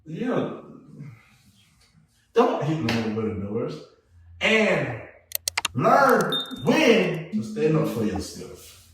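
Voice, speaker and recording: Male podcast host, animated and joking, slangy; distant mic in an echoey room, faint hiss. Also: on the high side, drawn-out words, long pauses. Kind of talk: casual chat.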